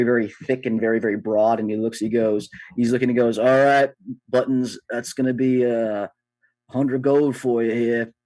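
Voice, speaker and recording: Husky, mid-pitched male game master, rambling narration, dry sound. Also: mellow, dry recording. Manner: rambling, lots of fillers and restarts.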